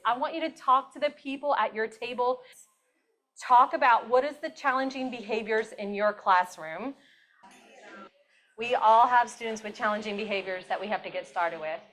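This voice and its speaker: A woman leads a live teacher training. Her voice sits a little high, and she talks in an animated, chatty way, often breaking into laughter as she explains. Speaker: presenter at a teacher training on autism and behavior. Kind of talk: live workshop presentation. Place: classroom or meeting room with a live audience.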